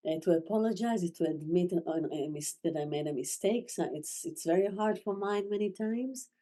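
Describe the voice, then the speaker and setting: A woman teaching a masterclass, speaking gently with halting, non-native phrasing and frequent restarts. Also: on the low side. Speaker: spiritual teacher. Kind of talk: masterclass talk.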